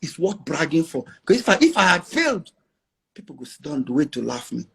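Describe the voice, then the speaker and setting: Fairly quick and sing-song, his voice runs on the high side, creaky and fairly bright with a breathy edge. He's a middle-aged Nigerian man with a Nigerian accent, casually chatting as an interview guest, boastful, emphatic, and dropping into pidgin.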